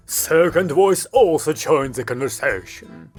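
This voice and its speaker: Lively man narrating a comic audiobook. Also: a little high, measured pace. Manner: wry, storytelling. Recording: faint music behind.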